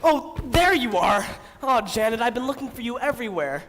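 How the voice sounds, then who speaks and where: A man's voice: very high voice, animated, normal speed, a bit bright, heavily acted. A man playing an earnest, lovesick young groom in an amateur stage musical, sincere and pleading. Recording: reverberant stage hall.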